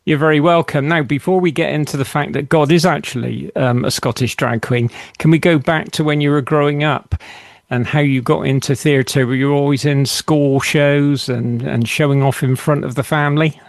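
A man's voice: fairly high pitch, fairly even intonation, normal speed, creaky, no room sound, studio quality. A man hosting a podcast, chatting casually with many ums. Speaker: podcast host. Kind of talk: casual radio chat.

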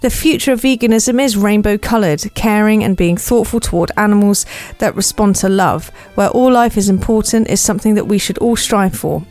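A woman's voice: mid-range voice, a little mellow, faint music behind. Woman reading commentary. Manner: measured, reads from a script. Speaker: podcast host. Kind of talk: scripted commentary.

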